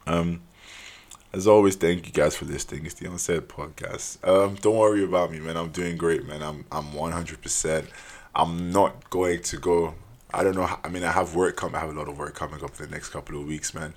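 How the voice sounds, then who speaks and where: A young man talks alone on his podcast in a low, gravelly voice. His delivery is casual and earnest, and he keeps adding "man" while he trails off and starts sentences over. There is a slight huskiness to his tone. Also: steady tone, a little fast. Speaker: podcast host. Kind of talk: solo podcast monologue.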